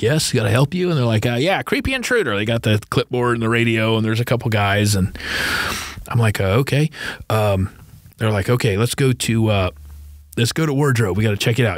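A man's voice: lowish voice, dry recording. A man telling a funny story in casual chat as a podcast guest, laughing and acting out voices. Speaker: guest musician.

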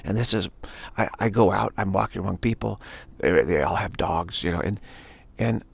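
Gravelly low-voiced man rambling. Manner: digressive, repeats himself, halting restarts. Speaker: spiritual teacher. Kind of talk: rambling spoken monologue.

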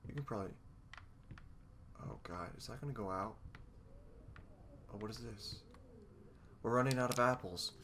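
A man's voice: fairly low pitch, normal speed, long pauses, noisy background. A man giving sarcastic commentary while playing a horror game, talking to the objects around him. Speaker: let's play gamer.

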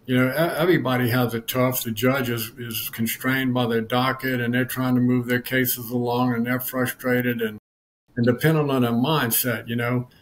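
A man's voice: medium pitch, fairly even intonation, moderate pace, slight background noise. A man speaking as a podcast guest, talking in a folksy, storytelling way with frequent restarts and "you know.". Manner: folksy, repeats words, lots of "you know". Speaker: guest, lawyer assistance program director. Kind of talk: casual podcast conversation, storytelling.

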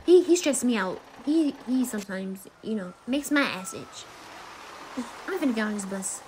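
A woman playing a loud, protective young woman friend who gets stressed easily, ranting dramatically and swearing in a fan role-play. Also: fairly high pitch, expressive, moderate pace, a little hiss or hum, natural voice. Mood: exasperated.

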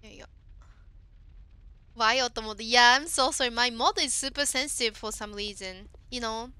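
The recording is dry and her tone clean, her voice on the high side, bright and forceful at a moderate pace. A woman with a Japanese accent is streaming a game, replying to viewers in simple non-native English and exclaiming at the screen.

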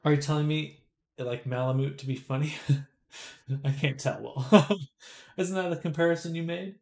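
Gravelly-voiced man murmuring as he works. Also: a little high, steady tone, normal speed. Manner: quiet murmuring to himself, drops into soft whispered asides while working; chatty and amused when answering chat. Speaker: livestreamer. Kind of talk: casual live-stream commentary while 3D modeling.

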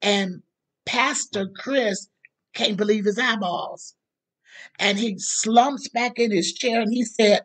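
A woman preacher tells a long story in her sermon and keeps calling out to the congregation. Her voice is husky and mid-pitched. She tells the story with animated energy. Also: slow pace.

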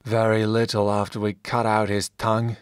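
A man voicing a brutal former slave chief in an audiobook, speaking slowly and deadpan about savage deeds. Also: lowish voice, clean tone, dry recording, clean studio sound, lightly acted. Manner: slow, deadpan, matter-of-fact cruelty.

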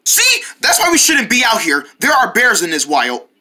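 A woman's voice: fairly high pitch, wildly swooping pitch, normal speed, bright, forceful tone, heavily acted. A woman voicing an anxious, fussy male turtle in a toy play video, forever worrying and complaining that they should go home. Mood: worried. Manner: worried complaining.

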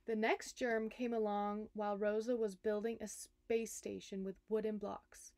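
Slow, expressive woman reading to kids. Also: medium pitch, no room sound. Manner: slow, expressive, speaks directly to young listeners. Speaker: nurse reading a children's book. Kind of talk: storybook read-aloud for children.

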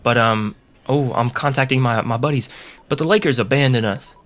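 A man's voice: medium pitch, moderate pace, a bit bright. Young male gamer, loose and profane, jokey running commentary. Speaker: let's play gamer. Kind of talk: casual gameplay commentary.

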